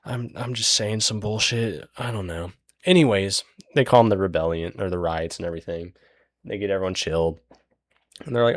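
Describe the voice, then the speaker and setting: Drawing as he goes, this low-voiced man talks a little fast through a book recap for his channel, cursing, rambling, filling pauses and restarting, while performing characters' lines. Studio-quality audio, no echo.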